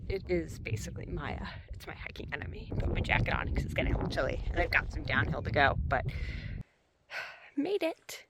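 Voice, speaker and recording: A woman's voice: low-pitched, very animated, fairly quick, gravelly. A woman films herself on a snowy trail and talks casually to the camera. She sounds winded, laughs a lot and pads her speech with fillers. Faint wind noise runs under her voice. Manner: chatty and upbeat, laughing often, many fillers. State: out of breath from skiing. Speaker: solo backcountry skier filming herself. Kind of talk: casual vlog narration. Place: outdoors on a snowy mountain trail.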